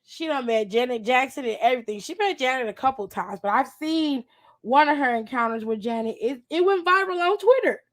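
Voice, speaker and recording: A woman's voice: high-pitched, expressive, a little fast. A woman co-hosting a podcast in casual chat, telling stories animatedly, laughing often and swearing freely. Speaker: podcast co-host.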